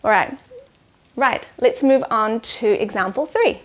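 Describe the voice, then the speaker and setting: A young woman teaching children in a cheerful manner, going slow and clear when counting syllables. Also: high-pitched, animated. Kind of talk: children's lesson.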